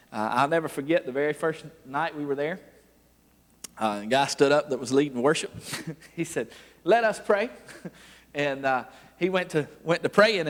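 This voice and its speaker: A man preaching a revival sermon, telling folksy stories with frequent laughs and building to loud, forceful preaching. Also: a little high. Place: church sanctuary. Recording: long church hall reverb.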